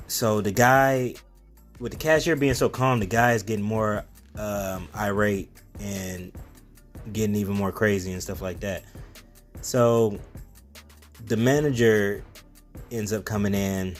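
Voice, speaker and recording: Brief: lower-pitched man, casual rambling storyteller, faint background music. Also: steady tone, unhurried, long pauses. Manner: rambling, conversational, many fillers and restarts. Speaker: self-help vlogger.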